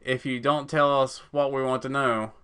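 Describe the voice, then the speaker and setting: Brief: man reading as a menacing armed criminal, bright and clear, blunt threats. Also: medium pitch, flat delivery, moderate pace, lightly acted. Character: menacing adult male criminal with a revolver.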